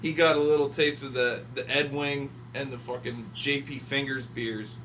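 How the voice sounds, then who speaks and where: Bright excitable man in a podcast chat. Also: mid-range voice, moderate pace, slight background noise. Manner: excitable, laughing, profane. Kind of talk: casual chat.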